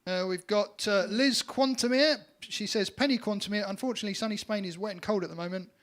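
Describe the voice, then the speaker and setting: A man on a band's live stream reading out viewer names and comments, with hesitant pauses. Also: sits high, fairly bright tone. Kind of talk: casual live-stream chat.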